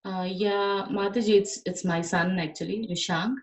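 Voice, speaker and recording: A woman, the parent of a student, asks a question in an online class in a halting, hesitant way. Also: medium pitch, steady tone, low-quality recording.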